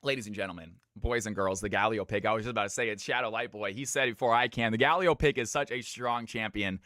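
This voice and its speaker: Man, live streamer, upbeat chat, bright voice, dry close sound. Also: on the low side, fast talker, dry recording. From California. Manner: upbeat, greets viewers by name. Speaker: streamer casting viewer games.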